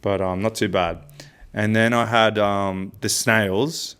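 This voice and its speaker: Young aussie guy rambling thru a story, lowish voice, lots of ums. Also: steady tone, slow, fairly bright tone, smooth. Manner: rambling storyteller, many fillers. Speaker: podcast co-host. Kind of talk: casual chat.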